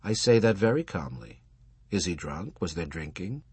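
A man voicing an older rabbi's wife, bitter and defiant, speaking quietly in a clipped, cutting way. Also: sits low, sing-song, moderate pace, breathy edge, no echo, full character voice.

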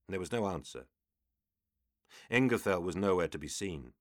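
Brief: very deep male narrator, steady scripted reading, dry close studio sound. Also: normal speed, no room sound. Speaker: audiobook narrator.

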